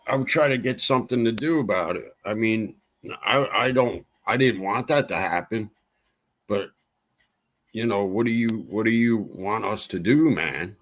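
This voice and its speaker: A man's voice: fairly low pitch, normal speed. A man hosting a livestream, venting in a casual monologue with exasperation and repeating himself for emphasis. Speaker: livestream host.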